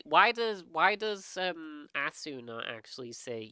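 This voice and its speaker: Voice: medium pitch, unhurried, few pauses, sharp tone, a little hiss or hum. A streamer making casual, profane asides between reading lines of a game. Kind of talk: casual let's play commentary.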